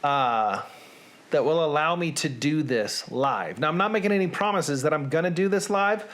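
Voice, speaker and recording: A man with a Southern US accent hosting his own show, talking casually in a rambling, deadpan, self-deprecating way from a small room at home. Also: fairly high pitch, normal speed. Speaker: show host. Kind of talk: casual monologue to camera.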